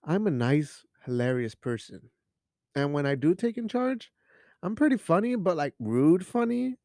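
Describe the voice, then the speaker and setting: A man's voice: fairly high pitch, big pitch swings, moderate pace, mellow, no room sound, clean studio sound. A man hosting a casual solo podcast, rambling and joking with lots of swearing and Spanish phrases, sipping beer as he talks. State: drinking beer while talking. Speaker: podcast host.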